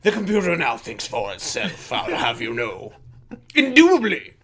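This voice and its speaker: A man's voice: medium pitch, wildly swooping pitch, normal speed, crowd noise. A man putting on a playful, exaggerated British accent as a rock-star impression. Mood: pompous. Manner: jokey, plummy put-on British accent.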